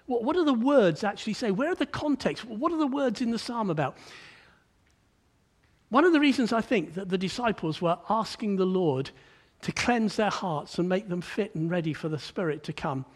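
A man preaching a sermon, animated, climbing to emphatic peaks and then dropping low and quiet, often repeating words as he starts a sentence.

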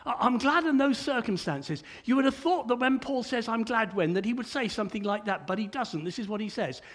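Older male preacher, very high voice, chatty sermon full of stammered restarts. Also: animated, fairly quick.

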